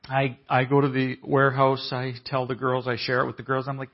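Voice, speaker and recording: A man telling a story in a conference sermon, acting out the people he quotes in a lively way. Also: medium pitch, brisk. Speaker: conference speaker. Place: church hall. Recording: dull, muffled audio.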